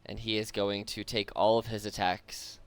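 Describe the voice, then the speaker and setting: A man's voice: lowish voice, level tone, moderate pace. A young man narrating as dungeon master in a laid-back way, with vivid combat descriptions. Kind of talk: narrating a tabletop game.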